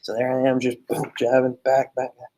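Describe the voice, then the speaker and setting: A man's voice: medium pitch, monotone, a little fast, mellow. A man teaching a psychology lesson in a casual, chatty way, full of fillers and joking asides. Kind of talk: casual classroom lecture.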